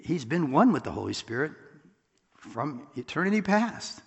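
A man preaching a sermon in an animated way, with chuckling asides and rhetorical questions to the congregation. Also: fairly high pitch, moderate pace, vocal fry, slightly rough, in a large hall.

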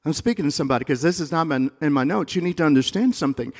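A male pastor preaching a sermon in a church, moving between quiet, confiding asides and loud, rising climaxes. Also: on the high side, lively intonation, racing, few pauses, in a large hall.

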